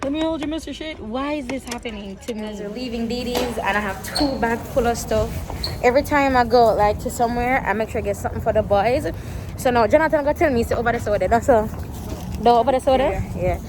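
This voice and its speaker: A woman's voice: a little high, fast, noisy background. A young woman from Jamaica with a Jamaican accent, chatting casually in a travel vlog and slipping into patois when she tells stories. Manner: chatty, animated storytelling with patois quotes. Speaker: vlogger. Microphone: phone.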